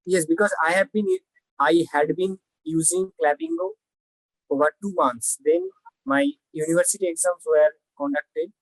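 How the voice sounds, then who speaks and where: A woman's voice: on the low side, big pitch swings, normal speed, no echo, rough recording. A young woman with a Bengali accent, a native Bengali speaker learning English, talking hesitantly and repeating words on a video call. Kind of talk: online lesson conversation.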